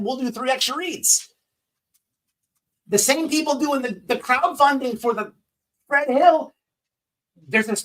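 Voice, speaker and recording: Ranting male commentary host, profane and confrontational, a bit high-pitched, slightly distant mic. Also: pushed and bright.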